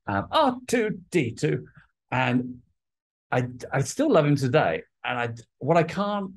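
Man, middle-aged, lively swooping pitch, animated storyteller, casual interview chat. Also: measured pace, creaky. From England. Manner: animated storyteller, acts out childhood voices. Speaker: guest artist.

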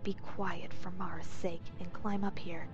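A woman's voice: on the low side, level tone, a little slow, close to an everyday voice. A dry, grim man from a fantasy storybook who has lost everything and shrugs it off, as a woman narrator puts him on. He speaks with weary bitterness. The recording is dull and lo-fi, with faint music. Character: grim, world-weary male Cyrodiil trader.

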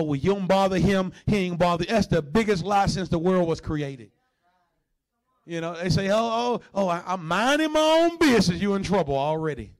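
High-voiced preacher with loud, soaring bursts. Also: male voice. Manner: preaching with sudden loud, high-pitched bursts and growled dog imitations. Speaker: pastor. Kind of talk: sermon.

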